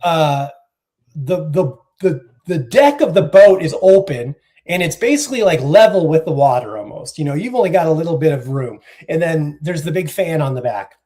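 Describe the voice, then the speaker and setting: A middle-aged man, a guest stand-up comedian on a live podcast, telling a story in an animated, profane way and laughing along. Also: a little high, normal speed. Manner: animated storyteller, profane, laughs through his own tale. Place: live stream via video call.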